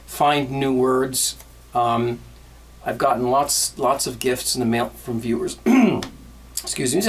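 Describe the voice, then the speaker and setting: A man hosting a casual homebrewing vlog, talking in a halting way with many restarts and plenty of thanks. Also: medium pitch, breathy edge. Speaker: homebrewing vlogger.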